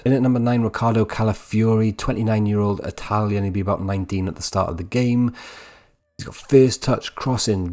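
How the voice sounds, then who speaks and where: A Welsh man with a low voice talks through a video game in a loose, conversational voice-over. He reels off player stats one after another and keeps checking in with a quick "right?". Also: darkish tone. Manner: chatty, rattles off stats, keeps asking "right?". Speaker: gaming channel host. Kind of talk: casual game commentary voice-over.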